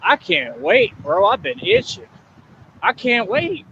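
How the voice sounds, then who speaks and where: A man's voice: very high voice, huge pitch swings, slow, gravelly. A man livestreaming outdoors, talking in a boastful, rambling way to his chat. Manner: swaggering, rambling. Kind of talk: boastful live-stream chat. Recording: lo-fi stream audio with street noise.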